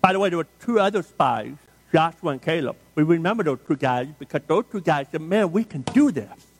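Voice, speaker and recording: High-voiced man preaching a sermon. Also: animated, fairly quick, gravelly. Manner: emphatic, dramatic storytelling with repeated refrains. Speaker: pastor.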